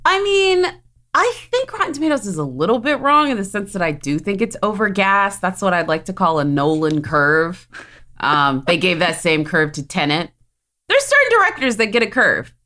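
A woman's voice: mid-range voice, big pitch swings, normal speed, sharp tone. A woman co-hosting a movie podcast, playful and opinionated, teasing her co-host and laughing often. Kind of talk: casual podcast chat.

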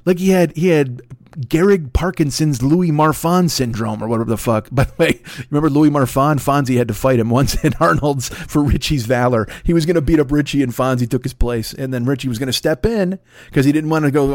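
A man's voice: mid-range voice, a little fast, darkish tone, no room sound, clean studio sound. A man hosting a podcast in a casual comedic rant, profane, sarcastic and rambling, talking into a microphone. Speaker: podcast host.

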